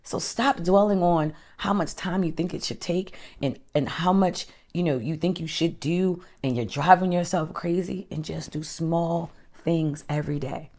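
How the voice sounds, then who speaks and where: A woman life coach giving an animated motivational talk, calling listeners honey and child, sometimes dropping to a whisper for emphasis. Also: lowish voice, normal speed, few pauses.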